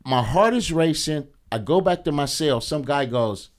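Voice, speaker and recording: Middle-aged guy on a podcast, animated and swearing a lot, does the voices of people in his story. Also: fairly high pitch, normal speed, few pauses. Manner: animated, profane, acts out quoted voices. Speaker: podcast guest, actor. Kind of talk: casual storytelling.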